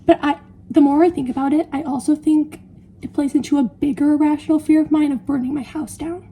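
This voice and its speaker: Young woman, home baking vlog, high mellow voice, chatty and self-mocking, light hiss behind. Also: steady tone, brisk. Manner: rambling, self-deprecating, laughs often. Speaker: vlogger. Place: home kitchen.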